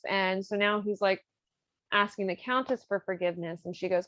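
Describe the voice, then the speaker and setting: A woman retells an opera plot on her podcast in a loose, rambling way, with lots of fillers and easy laughter. Her voice sits at an ordinary pitch. The audio is dry and a little dull. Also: moderate pace, a bit bright, no echo. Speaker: podcast host.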